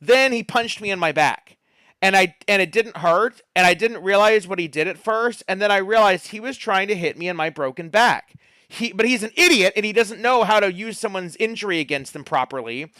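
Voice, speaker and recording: Player, male, crisp and smooth tone, raised pitch, swears a lot while ranting. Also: expressive, fairly quick, sharp tone, no echo. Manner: profane, ranting storyteller. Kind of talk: casual pre-game chat.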